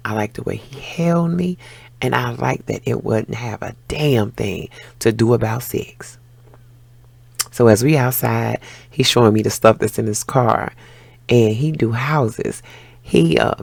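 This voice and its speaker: Brief: vlogger woman, 50s, gravelly husky voice, lively storyteller who swears casually, dry close sound. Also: extremely low pitch, dry recording. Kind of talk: casual life update to viewers.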